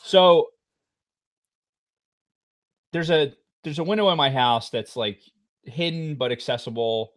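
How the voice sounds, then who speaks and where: A middle-aged man co-hosting a podcast, telling a long story in a casual, profane way with loud outbursts. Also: a little high, slow pace, long pauses. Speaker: podcast co-host.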